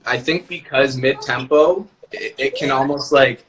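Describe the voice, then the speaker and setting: A man's voice: mid-range voice, measured pace, noisy background. A man chatting casually on a live-stream video call, talking loosely with lots of filler words. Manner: relaxed, many "like" fillers. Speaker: music producer guest.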